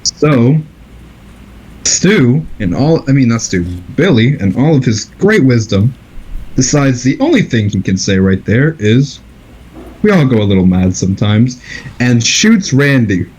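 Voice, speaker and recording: Man, mid pitch, casual movie chat, rambling, laughs along. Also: very animated, unhurried, a little mellow, breathy edge, low-quality recording. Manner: loose, rambling, with fillers and laughs. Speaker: movie reviewer.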